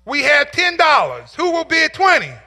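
A persistent auctioneer, insistently pressing the room for bids, as a preacher puts him on. His voice is very high and bright, pitched up and raised as he calls out. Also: wildly swooping pitch, moderate pace, vocal fry, long reverb tail, full character voice.

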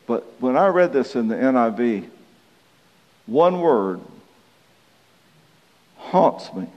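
A man's voice: medium pitch, sing-song, slow. Preacher man in a reverberant hall. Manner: folksy, self-deprecating, chuckles through anecdotes. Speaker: pastor. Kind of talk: sermon with personal storytelling. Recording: dull reverberant hall recording.

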